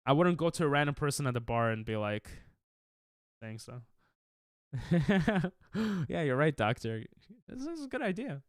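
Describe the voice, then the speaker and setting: Guy streamer rambling to chat, kinda high voice, smooth, laughs it off a lot. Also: big pitch swings, moderate pace, no room sound, clean studio sound. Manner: defensive, laughing, rambling with restarts. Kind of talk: casual chat with stream chat while gaming.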